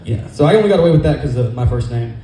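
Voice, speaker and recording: A man's voice: mid-range voice, animated, dark tone, echoey room, slight background noise, low-quality recording. A man from California doing a rambling, profane stand-up set at a comedy club open mic, speaking into a stage microphone. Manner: rapid, profane, rambling storytelling.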